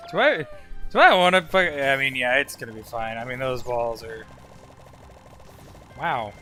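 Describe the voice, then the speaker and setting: A man's voice: mid-range voice, wildly swooping pitch, slow pace, pauses often, sharp tone, faint music behind. A young man casually commenting while streaming a game, loose and profane, rambling with lots of filler words.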